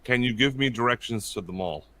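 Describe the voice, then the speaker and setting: A man's voice: medium pitch, fairly quick, pushed and bright, dry recording. A man hosting a podcast, joking around in a playful way. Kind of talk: casual podcast chat.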